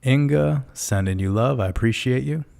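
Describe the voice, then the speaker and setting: A man's voice: mid-range voice, moderate pace, gravelly, a little mellow. A man hosting a casual livestream, reading out viewer comments in a loose, profane way and laughing often. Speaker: livestream host.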